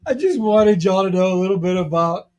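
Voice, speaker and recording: A man hosting a podcast in casual chat, halting often and filling gaps with "uh". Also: high-pitched, animated, a little mellow. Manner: halting, many fillers. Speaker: podcast host.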